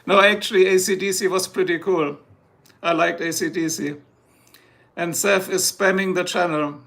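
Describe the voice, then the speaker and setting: A man's voice: sits high, fairly even intonation, moderate pace, gravelly, a bit bright. A middle-aged man with a German accent, a native German speaker, rambling and joking with his chat viewers during a casual livestream.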